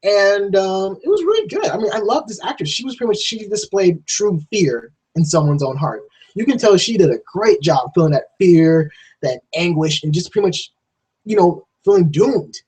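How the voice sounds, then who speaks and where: A man giving a casual, rambling spoken film review, swearing freely and restarting sentences, often jumping into a high, excited voice to act out scenes. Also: moderate pace, husky, rough recording. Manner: jumps to high excited voice when acting out scenes.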